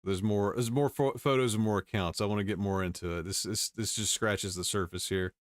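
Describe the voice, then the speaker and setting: A man's voice: on the low side, fairly even intonation, a little fast, no room sound, studio quality. A male host casually reading and commenting on news stories, wry, with chuckling asides.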